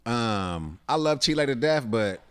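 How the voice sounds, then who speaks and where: An American man with a mid-range voice chats as a guest on a podcast. He tells animated stories, swears freely and slips into voices for the people in them. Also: mid-range voice, a little slow, clean tone. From United States. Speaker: podcast guest, comedian and actor. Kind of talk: casual interview chat.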